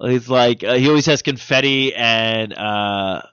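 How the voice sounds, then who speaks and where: Male co-host, playful and joking, bright voice, dry dull-sounding recording. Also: mid-range voice, clean tone, no echo. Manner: joking, playful, quick to laugh and try voices. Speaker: podcast co-host. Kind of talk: casual chat.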